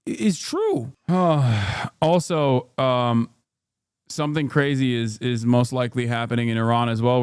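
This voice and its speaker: A man streaming casual reaction commentary, ranting in an animated, profane, rambling way into a close mic. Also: fairly high pitch, clean tone, dry recording. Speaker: streamer host.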